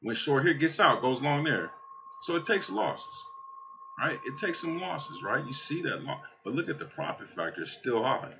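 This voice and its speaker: A man giving casual, excitable trading commentary over a screen share, swearing and talking straight to his viewers, tired from a night without sleep. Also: medium pitch, moderate pace, highs cut off, background noise. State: tired from staying up all night. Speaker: crypto trading channel host.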